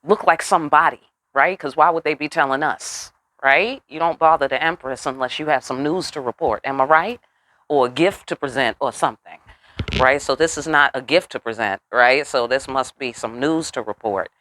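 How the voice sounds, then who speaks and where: A woman giving a casual tarot reading, animated and profane with chatty asides. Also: very deep voice, moderate pace. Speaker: tarot reader.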